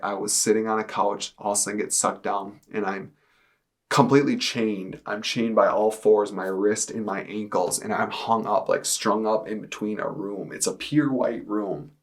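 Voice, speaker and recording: A young man in his twenties tells his story straight to camera indoors. His voice sits low and stays fairly even in pitch. He talks casually and haltingly, leaning on lots of "like" fillers. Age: 20s. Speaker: testimony speaker. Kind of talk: personal testimony to camera.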